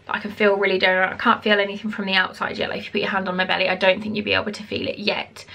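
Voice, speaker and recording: A woman's voice: mid-range voice, a bit bright. A woman chatting casually in a vlog, a little out of breath, rambling between reading aloud and her own comments. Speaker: vlogger giving a pregnancy update.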